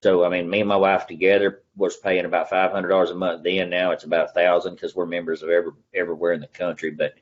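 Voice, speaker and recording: A man's voice: low-pitched, little pitch movement, fast talker, few pauses, muffled recording. A middle-aged man with an East Texas accent, a real estate agent telling his story in a casual interview. He talks in a folksy, earnest way and acts out the conversations he remembers.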